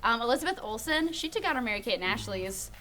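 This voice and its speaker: A young woman co-hosting a casual movie review chat, bubbly and quick to laugh. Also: a little high, very animated, fairly bright tone. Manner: bubbly, laughs often, puts on silly voices. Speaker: co-host.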